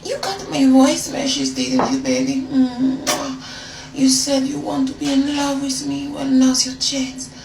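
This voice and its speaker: A woman putting on a fake French accent to play a flirty seductress, high and sing-song, in a roomy, noisy phone video. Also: animated, slow, gravelly, a little mellow, recorded from a distance, full character voice. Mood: coy.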